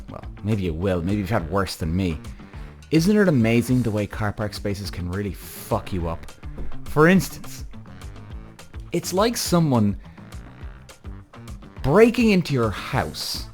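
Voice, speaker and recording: A man's voice: lowish voice, darkish tone. A man hosting a podcast, telling a story in an exasperated rant full of swearing. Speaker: podcast host. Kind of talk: ranting podcast monologue.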